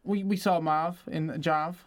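A man's voice: fairly high pitch, steady tone, unhurried, slight background noise. A man co-hosting a casual sports podcast, teasing and joking with his partner. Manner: teasing, jokey. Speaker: podcast co-host. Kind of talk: casual chat.

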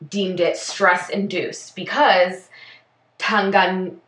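A woman's voice: medium pitch, fairly even intonation, slow pace, a bit bright, roomy sound, distant mic. A woman co-hosting a podcast, chatting casually through a case from her notes with plenty of fillers and self-corrections. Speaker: podcast co-host.

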